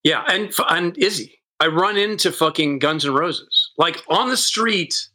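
A man in his fifties, a guest who runs bars, telling stories in a lively, casual way, swearing freely and acting out what people said. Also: sits high, measured pace, poor audio. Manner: animated, swears freely, acts out quotes. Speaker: guest, bar owner. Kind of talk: casual storytelling chat.

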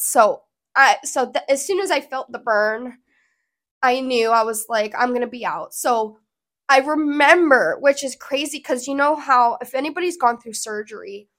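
Woman vlogging, rambly and emotional, kinda high voice, just talking to the camera. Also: fairly bright tone. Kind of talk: casual personal storytelling to camera.

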